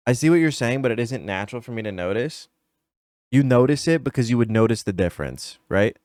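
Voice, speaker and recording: A man's voice: mid-range voice, expressive, a little fast, a little mellow, no room sound, clean studio sound. A man streaming a casual reaction to a video, nitpicky and emphatic as he talks straight to his viewers.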